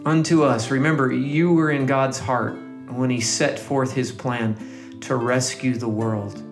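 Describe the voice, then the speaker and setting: Soft-spoken guy doing a devotional scripture reading, guitar playing behind. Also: medium pitch, steady tone, unhurried. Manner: soft, gentle, lingering on words. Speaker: devotional leader. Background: guitar music.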